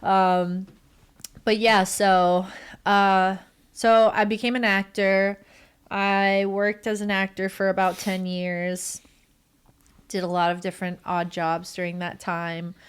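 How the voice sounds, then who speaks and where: A woman's voice: medium pitch, little pitch movement, slow, clean tone. A woman in her thirties, a podcast guest talking casually with many fillers and frequent laughs. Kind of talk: casual interview chat.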